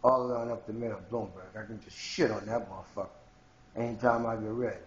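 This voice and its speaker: A man's voice: on the low side, steady tone, quick pace, reverberant, lo-fi sound, a little hiss or hum. A man from Haiti delivering a rambling, confrontational monologue straight to his viewers in a home video blog. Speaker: video blogger. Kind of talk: ranting monologue to camera.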